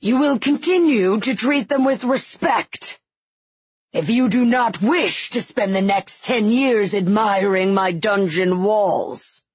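Woman voicing a raspy undead old king. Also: medium pitch, takes it slowly, no echo, muffled recording. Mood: commanding. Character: ancient raspy undead male king, commanding.

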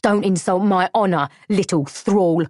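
A woman playing a crude male slaver, growling, sneering, storybook villain, dry close sound, middling pitch. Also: unhurried, darkish tone, no echo, natural voice. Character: sly brutish male Celtic slaver, crude.

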